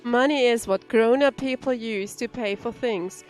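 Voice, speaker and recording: A woman's voice: fairly high pitch, unhurried, a little mellow, soft background music, close to an everyday voice. A woman reading as a curt, touchy cafeteria manager. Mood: lecturing. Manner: exasperated, lecturing. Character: irritable male cafeteria manager, defensive and curt. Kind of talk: reading game dialogue aloud.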